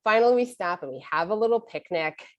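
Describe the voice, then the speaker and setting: A middle-aged woman telling a personal story, animated and self-mocking, acting out her own thoughts. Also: mid-range voice, quick pace, dull audio.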